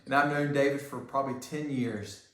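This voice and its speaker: A man's voice: mid-range voice, steady tone, a little fast, fairly bright tone. Man, church host, friendly welcoming introduction, echoey room. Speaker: host introducing a guest speaker.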